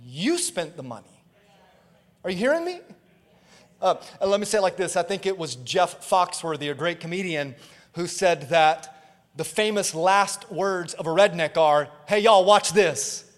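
A man's voice: high voice, expressive, moderate pace, long reverb tail. A man preaching a sermon as pastor, emphatic, with call-and-response asides and acted-out quotes. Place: church auditorium.

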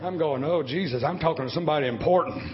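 A man in his fifties preaching a sermon, swinging from low, quiet talk to loud shouting. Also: fast. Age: 50s. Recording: dull lo-fi recording with faint music.

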